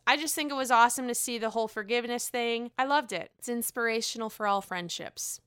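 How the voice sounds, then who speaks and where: A woman's voice: a little high, brisk, hardly any pauses, bright, forceful tone, smooth, dry recording, studio quality. A woman casually recapping a reality show, gossipy and profane, laughing at her own jokes.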